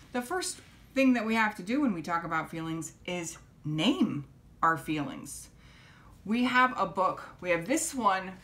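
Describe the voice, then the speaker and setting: A woman teaching young children, gently coaxing them to repeat simple phrases after her. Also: medium pitch. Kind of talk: children's lesson.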